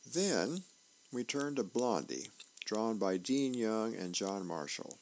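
Slow, gravelly volunteer reader. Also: male voice, lowish voice, very animated, a little hiss or hum. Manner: unhurried, folksy, with fillers. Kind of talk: reading newspaper comics aloud.

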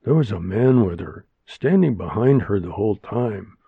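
A man voicing a calm, matter-of-fact woman friend, close to his own low voice, in a dull lo-fi recording. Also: moderate pace, husky, no echo, heavily acted.

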